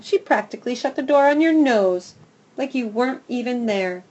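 A woman's voice: a little high, expressive, moderate pace, a little mellow, lo-fi sound, voice pushed up. Woman doing a grumbling, sarcastic female dog. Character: gruff, cynical female dog, sneering.

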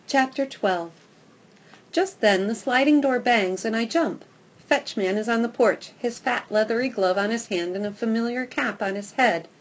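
A woman narrating a children's storybook in the first person, expressive and lively. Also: on the high side, moderate pace. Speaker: audiobook narrator.

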